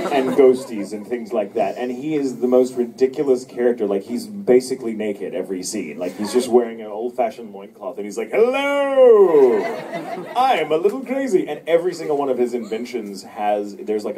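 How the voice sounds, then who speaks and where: A man in his thirties, a voice actor telling stories at a fan convention Q&A, laughing often and acting out quotes. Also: on the low side. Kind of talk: convention Q&A storytelling. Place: convention panel room. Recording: distant fan recording with room noise.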